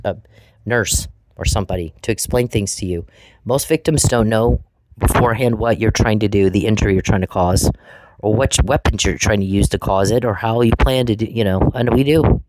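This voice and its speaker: Low-voiced man ranting angrily. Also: darkish tone, no echo, poor audio. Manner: confrontational, profane, taunting. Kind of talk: angry ranting monologue.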